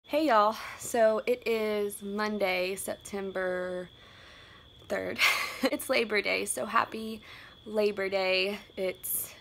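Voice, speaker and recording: A woman's voice: medium pitch, steady tone, a little slow, gravelly, fairly bright tone. A young woman, vlogging casually from her room and rambling with lots of "like.". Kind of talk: casual vlog chat.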